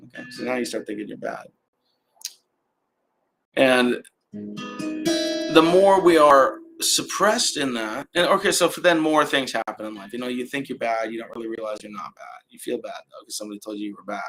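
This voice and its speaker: A man hosting a casual live stream at home, talking in a relaxed, rambling way with frequent restarts. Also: mid-range voice, moderate pace, soft background music. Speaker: host. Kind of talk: casual livestream talk. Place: indoor home setup with adjustable lights. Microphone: camera mic on a live stream.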